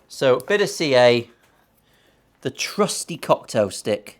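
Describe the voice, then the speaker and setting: A man's voice: mid-range voice, big pitch swings, slow. A man, a luthier chatting casually and sarcastically while building a guitar in his workshop, swearing freely.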